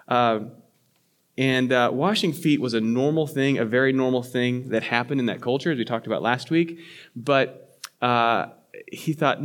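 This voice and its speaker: A man's voice: mid-range voice, moderate pace. A man, a pastor, preaching a sermon in a conversational way, with frequent fillers, restarts and self-corrections.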